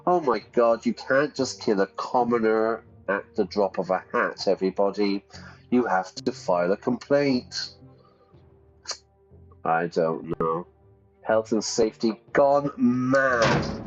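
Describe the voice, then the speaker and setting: Playing a game aloud, a man who teaches English reads it out and comments on vocabulary, staying chatty and often checking in with his listeners. His voice is fairly low and unhurried, and the sound is dull with faint music behind it.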